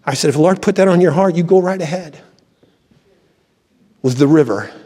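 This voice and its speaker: A man's voice: on the high side, a little fast, mellow. Older man preaching fervently in a reverberant church. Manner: fervent preaching with exclamations of praise. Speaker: pastor. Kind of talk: sermon.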